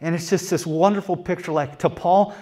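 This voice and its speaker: A man with a fairly high-set voice delivers a sermon in a conversational way. He swings between quiet, drawn-out lines and loud, emphatic bursts, and repeats his key phrases for weight. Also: fairly even intonation, breathy edge. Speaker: preacher.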